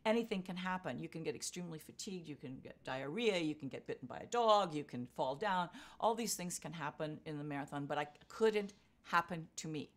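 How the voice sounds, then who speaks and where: An older woman being interviewed, telling a story with lively acted-out quotes. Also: deep voice, a little fast. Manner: vivid storyteller acting out quotes. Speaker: interviewee, marathon runner.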